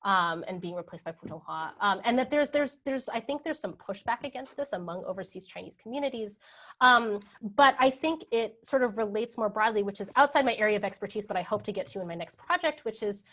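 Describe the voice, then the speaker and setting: A woman's voice: medium pitch, expressive, fairly quick, a bit bright. Woman academic fielding questions; tentative, filler-heavy, asks "right?" a lot. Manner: thinking aloud, many ums and "right?" checks; hedging with "sort of" and "like". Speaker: guest speaker, history professor. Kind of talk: academic Q&A answers.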